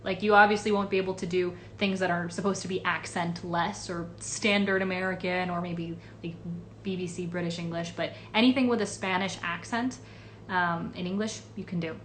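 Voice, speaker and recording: A woman's voice: on the low side, steady tone, moderate pace, few pauses, a bit bright, a little hiss or hum. A woman voice actress answering fan questions in a casual livestream, chatty and rambling with many fillers. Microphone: phone or webcam livestream.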